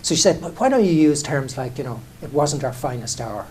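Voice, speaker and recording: A man's voice: fairly high pitch, very animated, a little fast, heavy background noise. Irish businessman telling a candid story. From Ireland. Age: middle-aged. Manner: conversational, self-deprecating, frequent restarts and "you know". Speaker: airline chief executive. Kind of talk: candid anecdotal talk on stage.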